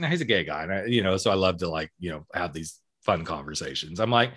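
A middle-aged man hosting a relaxed chat show, his voice bright and forward. He tells stories animatedly, swinging his pitch widely as he acts out both sides of conversations. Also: fast talker, hardly any pauses. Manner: animated storyteller acting out quoted dialogue. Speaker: podcast host and coach. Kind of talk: casual chat.

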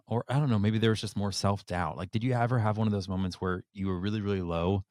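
A man's voice: deep voice, fairly even intonation, brisk, few pauses, a little mellow, dry recording, studio quality. A man hosting a podcast interview, effusive and upbeat, filling his speech with "like". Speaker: podcast host.

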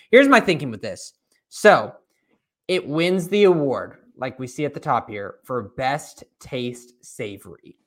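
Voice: medium pitch, big pitch swings, measured pace, a bit bright. A podcast co-host in casual chat, reading a blurb aloud and then giving a blunt opinion.

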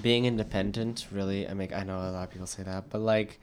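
A young adult woman, a university student, chatting casually and telling animated stories full of acted-out quotes and "like". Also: a bass voice, fast talker, clear, resonant tone. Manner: animated storyteller, acts out quotes, frequent "like". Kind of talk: casual chat.

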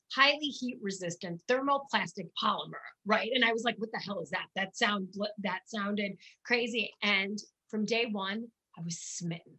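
Bright-voiced woman telling lively stories. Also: mid-range voice, rough recording. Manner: animated, laughing, self-deprecating. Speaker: dating coach, guest. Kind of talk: casual storytelling interview.

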